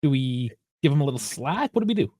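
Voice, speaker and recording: Man, podcast co-host, blunt, questioning, mid pitch, dry close sound. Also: big pitch swings, fast, dark tone, no room sound. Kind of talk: casual sports podcast chat.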